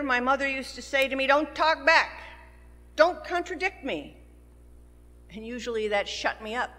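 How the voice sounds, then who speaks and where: Slow-preaching woman pastor in a reverberant church. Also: fairly high pitch. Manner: slow, measured preaching with rising emphasis. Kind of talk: sermon. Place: church sanctuary. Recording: long church hall reverb.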